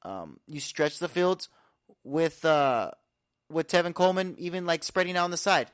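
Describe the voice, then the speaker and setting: A man hosting a podcast, giving an energetic, confident sports breakdown full of statistics. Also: on the high side, moderate pace, smooth, no echo, studio quality. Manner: energetic, confident, stat-heavy rundown. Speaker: podcast host. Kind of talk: casual sports analysis talk.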